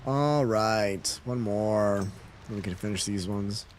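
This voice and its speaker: Fairly low-pitched and slow, this man chats casually with his stream audience while gaming, a little hiss or hum in the background. He reads viewer messages with an easygoing chuckle.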